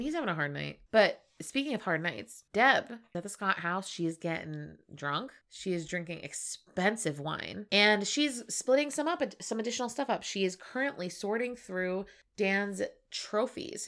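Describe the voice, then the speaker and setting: Podcast co-host, woman, lively up-and-down voice, giggly, swears freely. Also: medium pitch. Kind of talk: casual TV recap chat.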